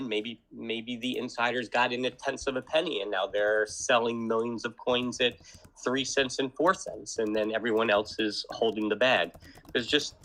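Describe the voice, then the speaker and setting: Call-in male guest, bright tone, hesitant and searching. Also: mid-range voice. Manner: hesitant, restarting, questioning. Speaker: podcast guest. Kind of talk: casual podcast chat.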